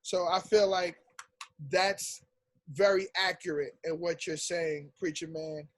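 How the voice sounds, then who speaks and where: A man's voice: on the high side, fairly even intonation, a little slow, a bit bright, no room sound. A man co-hosting a casual podcast debate, slangy and teasing, laughing often. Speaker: podcast co-host.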